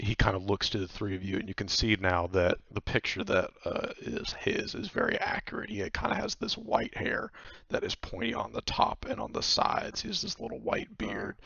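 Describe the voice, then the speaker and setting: Gravelly-voiced male game master. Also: low voice, fairly bright tone, no room sound, lo-fi sound. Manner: rambling, laughs between lines. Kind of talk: narrating a tabletop game.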